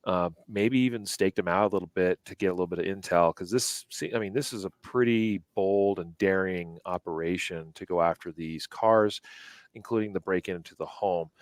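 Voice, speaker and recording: Low-voiced man musing, dry sound. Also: moderate pace, no echo. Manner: thinking aloud, hesitant, many fillers. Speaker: co-host. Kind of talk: casual news commentary.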